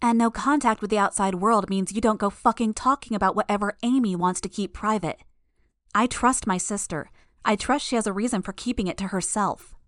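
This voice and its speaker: A woman's voice: mid-range voice, a little fast, dry recording, studio quality, close to an everyday voice. A woman voicing a furious, proud young superheroine who threatens her enemies, in an audiobook. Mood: menacing. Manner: shouting, menacing. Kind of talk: audiobook character voice.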